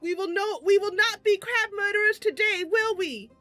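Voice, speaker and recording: A woman doing a gentle, coaxing female mage. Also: very high-pitched, moderate pace, voice pushed up.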